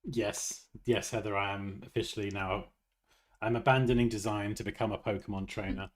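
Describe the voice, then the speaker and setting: A man's voice: fairly low pitch, fairly even intonation, moderate pace. A man hosting a design livestream, thinking aloud as he works and tossing out teasing, jokey asides, on a close desk mic.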